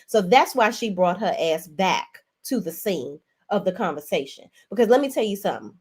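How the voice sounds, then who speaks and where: A woman's voice: mid-range voice, animated, moderate pace, few pauses, slightly rough. A woman hosting a reality TV recap, talking in a sassy, profane, emphatic way. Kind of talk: casual profane commentary.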